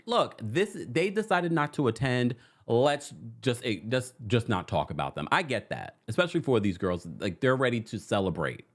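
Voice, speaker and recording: Guy chatting about a reality show, lively voice that jumps up and down, acts out what people said. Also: mid-range voice, normal speed, few pauses. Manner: animated, acts out quotes, reads viewer comments. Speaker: reality TV recap host. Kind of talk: casual chat to viewers.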